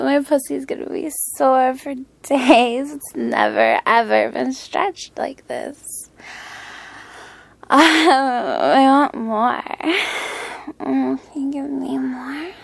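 A woman's voice: sits high, sing-song, slow, gravelly, no room sound, full character voice. A woman doing a giggly, teasing lover, whispered role-play. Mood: teasing, breathless. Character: flirty unfaithful woman, teasing her lover.

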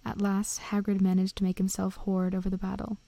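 A woman narrating a storybook in a gentle, half-whispered read-aloud, close to the mic. Her voice is gravelly with a mellow, dark tone. The room sounds dry. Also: mid-range voice, monotone, fairly quick, no room sound. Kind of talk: soft storybook reading aloud, partly whispered.

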